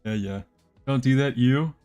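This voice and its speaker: A man's voice: mid-range voice, unhurried, a little mellow, clean tone. Young male streamer, rambling, faint music. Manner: rambling, joking, talks to chat while playing. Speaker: game streamer. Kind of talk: casual live-stream chat. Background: faint background music.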